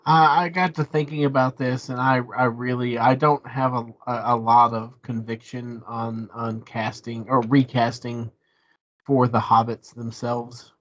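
A man's voice: medium pitch, flat delivery, measured pace. A man in a casual podcast discussion, hesitant, stammering and restarting as he talks. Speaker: podcast co-host. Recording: dull lo-fi mic.

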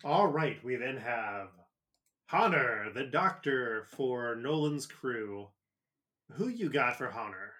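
A man co-hosts a casual comedy podcast, talking with enthusiasm and cracking jokes. His voice is bright and forceful at a mid pitch. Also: expressive, slow. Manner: enthusiastic, joking, prone to profanity. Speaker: podcast co-host.

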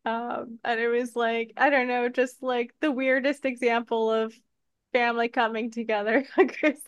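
A woman with a fairly high, smooth voice talks through a movie in a casual chat. She hesitates and stammers a bit, and the sound is dry and somewhat dull. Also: flat delivery, moderate pace, dry recording. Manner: hesitant, stammering, laughs while talking.

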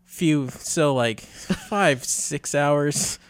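A man co-hosting a radio talk show, speaking haltingly with frequent restarts and laughs. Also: fairly high pitch, smooth, no echo. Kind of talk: casual radio chat.

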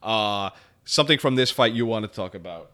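A man's voice: fairly low pitch, a little fast. A man co-hosting a podcast, talking casually and rambling with frequent swearing as he breaks down a TV episode. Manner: rambling, animated, swears freely. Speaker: podcast co-host. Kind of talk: casual chat.

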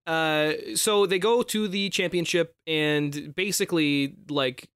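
A man's voice: fairly high pitch, slow pace, a bit bright, smooth, dry recording, studio quality. A man co-hosting a podcast, recapping a movie in casual chat, rambling with restarts and casual swearing. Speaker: podcast co-host.

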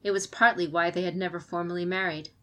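A woman reading a fantasy novel aloud as audiobook narrator, in a steady storytelling manner. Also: fairly low pitch, fast. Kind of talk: scripted narration.

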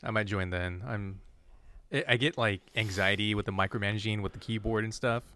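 A man co-hosting a podcast in relaxed chat, often hesitating and repeating himself. He speaks quickly in a lowish voice with a bright, forceful edge. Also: smooth, dry recording. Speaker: podcast co-host. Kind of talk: casual chat.

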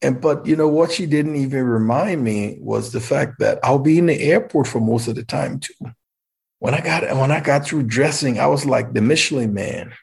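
A man's voice: medium pitch, moderate pace, vocal fry, breathy edge. A man from Liberia, animatedly telling a personal story and acting out the dialogue.

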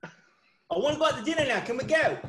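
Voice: high voice, lively intonation, fast. An improv performer voicing a whiny child who begs to go out to dinner. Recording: echoey room with loud noise.

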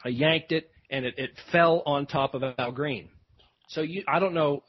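In dull, dry lo-fi podcast audio, a host with a somewhat high, breathy voice rambles through a casual story at a moderate pace. He fills it with fillers and keeps restarting.

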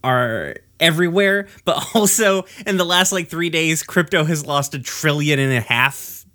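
A man's voice: fairly high pitch, measured pace, sharp tone. A man co-hosting a casual podcast, ranting with heavy swearing. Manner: profane, ranting.

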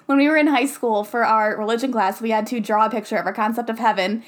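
Young woman podcaster, kinda high voice, laughs a lot, says like constantly. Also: fast. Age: young adult. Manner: giggly, talks with many likes. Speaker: podcast co-host. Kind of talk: casual chat recapping a movie.

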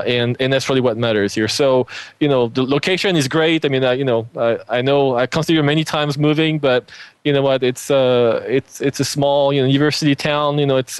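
A man's voice: medium pitch, clean tone, no room sound. French-accented man, dry close sound. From France. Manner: lots of "you know" fillers, enthusiastic. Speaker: interview guest. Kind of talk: casual conversation. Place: home, Alabama.

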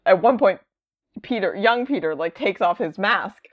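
A woman chats casually about comics, hedging with fillers and slipping into animated quoted lines. Her recording sounds dull and slightly lo-fi. Her voice sits at a middle pitch. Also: normal speed. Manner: rambling, many fillers, animated quoting.

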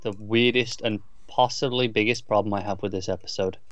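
A man's voice: fairly low pitch, steady tone, brisk, dry recording, highs cut off. A man co-hosting a casual podcast, emphatically arguing his complaints about an episode, often stammering as he restarts. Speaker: podcast co-host. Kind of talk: casual chat reviewing a TV episode.

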